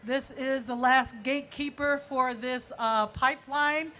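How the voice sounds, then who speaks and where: A woman from Michigan leading loud protest chants and speaking at an outdoor rally. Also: sits high, fairly even intonation. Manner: leads loud chants, then speaks quickly.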